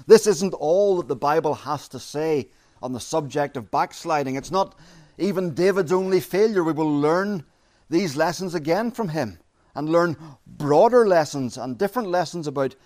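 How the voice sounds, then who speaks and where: A man preaching an expository sermon, measured and emphatic, repeating his key phrases. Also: a little high, animated, a little mellow.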